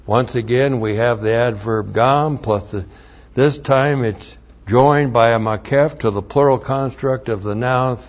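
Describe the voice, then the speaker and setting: Slow, deliberate male Bible teacher. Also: medium pitch, muffled recording. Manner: slow and deliberate, spelling out Hebrew words letter by letter; emphatic when reading scripture aloud.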